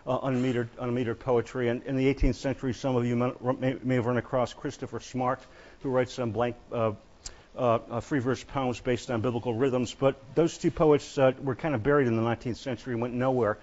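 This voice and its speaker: A male lecturer talks his way through a poetry class, stopping often with fillers and false starts. His voice sits at an ordinary middle pitch. The recording is slightly muffled and dull. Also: fairly even intonation, a little mellow. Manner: halting, many fillers and restarts. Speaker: literature lecturer.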